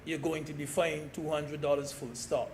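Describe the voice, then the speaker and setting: A man from Barbados giving a parliamentary speech as a senator, slow and deliberate, stressing key words. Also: a little high, level tone, slight background noise. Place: senate chamber.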